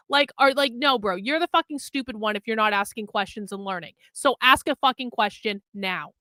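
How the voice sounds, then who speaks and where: A woman's voice: on the high side, lively intonation, moderate pace, few pauses, sharp tone, no room sound. Blunt, profane woman scolding her chat. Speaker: livestream host. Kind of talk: livestream commentary scolding chat.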